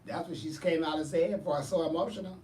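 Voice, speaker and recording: A man who performs in drag and hosts shows, chatting casually with viewers and telling lively, profane stories. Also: on the high side, brisk, roomy sound, recorded from a distance, slight background noise. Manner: animated, profane storytelling. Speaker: drag performer and show host. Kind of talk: casual chat answering viewers.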